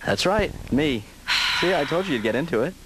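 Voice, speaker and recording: A man's voice: on the high side, background noise, close to an everyday voice. A man voicing a mumbling slacker son. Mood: deadpan. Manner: mumbling, halting, deadpan.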